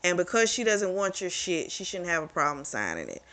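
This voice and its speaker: A woman's voice: fairly low pitch, wildly swooping pitch, a little fast, fairly bright tone. A woman casually recapping a romance novel's plot as a book reviewer, chatty and candid, with free swearing.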